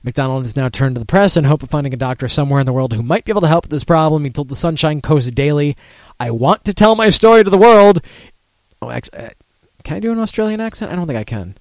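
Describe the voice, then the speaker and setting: A man's voice: medium pitch, very fast, a little mellow, dry recording. A man hosting a casual one-man talk show, rambling and swearing, laughing at his own remarks. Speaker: radio show host.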